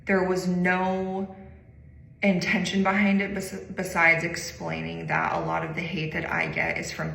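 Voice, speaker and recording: A woman's voice: on the low side, gravelly, bright, forceful tone. A woman in a played podcast clip, explaining herself in a hesitant, apologetic way. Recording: echoey room clip.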